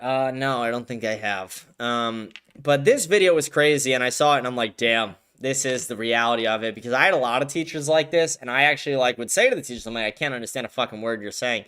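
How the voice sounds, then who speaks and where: A man's voice: medium pitch, a bit bright, clean tone. A man hosting a live-stream show, ranting bluntly in casual commentary, heavy on profanity.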